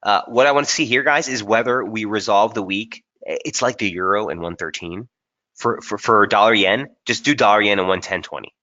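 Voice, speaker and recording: Casual male webinar presenter, low and forceful voice, muffled stream audio, thinks aloud. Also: brisk. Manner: casual, thinking aloud with frequent fillers and restarts. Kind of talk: live chart analysis webinar.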